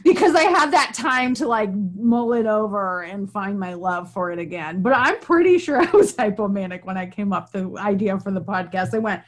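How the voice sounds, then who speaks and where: A woman's voice: mid-range voice, lively intonation, moderate pace, hardly any pauses. A woman hosting a podcast interview, talking candidly about her own life and laughing often. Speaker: podcast host. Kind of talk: casual interview chat.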